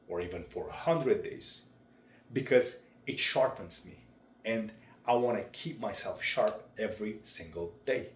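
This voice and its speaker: A young man talking through his speaking practice in a vlog, with a deliberate, measured delivery. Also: lowish voice. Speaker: vlogger. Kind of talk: reflective speech-practice vlog. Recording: roomy echo.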